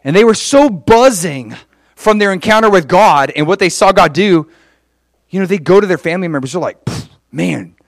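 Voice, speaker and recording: A man delivers a sermon with a lively, swinging pitch that sits somewhat high for a man. He preaches in a casual, conversational way and slips into other voices to act out everyday exchanges. The sound is dry and close, with no room echo. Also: brisk. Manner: acts out quoted conversations in changed voices.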